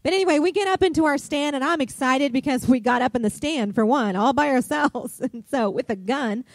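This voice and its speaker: A middle-aged woman pastor, preaching a sermon and telling a chatty, animated story full of fillers. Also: sits high, a little fast, no room sound.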